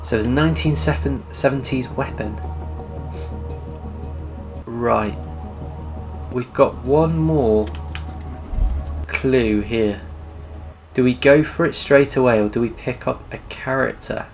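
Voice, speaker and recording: Gravelly gamer musing aloud. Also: male voice, mid-range voice, takes it slowly, long pauses. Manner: musing, casual. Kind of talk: gameplay commentary. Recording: game music behind.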